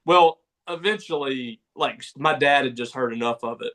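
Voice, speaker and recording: A man's voice: medium pitch, normal speed, pushed and bright. A man co-hosting a sports talk radio show, telling stories in a laid-back way and laughing often. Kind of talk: casual sports talk chat.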